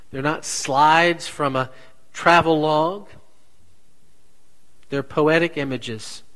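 A man preaching a sermon as pastor, slow and deliberate, asking the congregation rhetorical questions. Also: a little high, a bit bright, low-quality recording.

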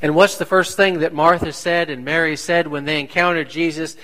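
A man preaching a sermon as pastor, slow and deliberate, asking the congregation rhetorical questions. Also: on the high side, steady tone, bright, forceful tone, rough recording.

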